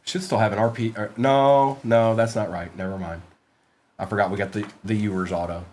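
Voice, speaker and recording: A man's voice: lowish voice, steady tone, a little fast, darkish tone, a little hiss or hum. Chatty man hosting a card break. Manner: chatty, calls out cards while rambling; joking, playful asides to chat. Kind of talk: live stream card-break chat.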